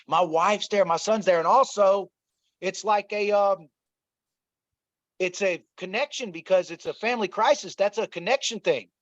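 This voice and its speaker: In a dull, slightly lo-fi recording with no room sound, a high-voiced man speaks at a moderate pace. An interview guest, he tells an emotional personal story earnestly, repeating himself and calling his listeners "y'all."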